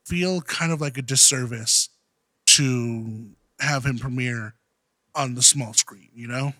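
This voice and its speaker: A man's voice: medium pitch, slow pace, bright, forceful tone, no echo. A man co-hosting a casual chat, talking frankly with loose swearing and stumbling restarts. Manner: frank, swears freely, stumbles over words. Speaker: podcast co-host.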